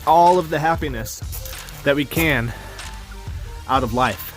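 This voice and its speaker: A man's voice: a little high, unhurried, soft background music. A man in his twenties delivering a comic monologue as a vlogger, playful, jokey and mock-serious.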